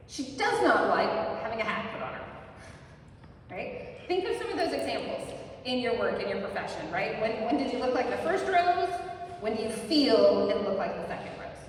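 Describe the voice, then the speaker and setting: A woman giving a live workshop talk to an audience, energetic and often ending points with a quick "right?". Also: fairly high pitch. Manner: energetic, ends points with tag questions. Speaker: workshop presenter. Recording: very echoey hall, mic far off, faint noise.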